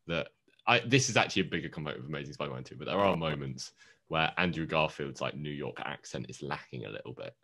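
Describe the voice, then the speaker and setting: Low-voiced guy cohosting a podcast, super lively, jokey and stumbly. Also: fast. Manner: laughs and stumbles over words, joking. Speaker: podcast co-host. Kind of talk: casual podcast chat.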